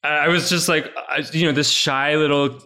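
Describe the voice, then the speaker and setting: A man's voice: fairly high pitch, steady tone, moderate pace, bright, forceful tone. A man from Minnesota hosting an interview, teasing and good-humored in casual chat. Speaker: host.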